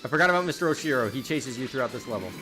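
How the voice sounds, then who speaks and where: A man streaming a platform game, chatting casually, giggly and excitable, quick to apologize. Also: mid-range voice. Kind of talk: casual gaming stream chat. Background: faint game music.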